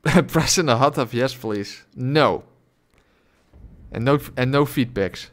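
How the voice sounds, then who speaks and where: A man whose first language is Dutch, streaming a game live, reading chat and reacting loudly with jokes. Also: medium pitch, takes it slowly.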